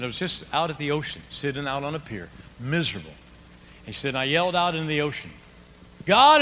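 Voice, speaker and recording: Animated pastor in a big echoing hall. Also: male voice, mid-range voice, slight background noise. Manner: animated storyteller, swings from hushed to shouting. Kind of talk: sermon with storytelling. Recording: reverberant hall with faint ambience.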